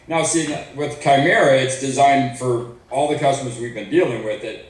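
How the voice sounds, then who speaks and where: A man's voice: medium pitch, fairly even intonation, normal speed. Man explaining soil, far and echoey. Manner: technical, explains in detail. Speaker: soil product maker. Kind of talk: explaining products in a casual chat. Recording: far from mic in a very echoey room.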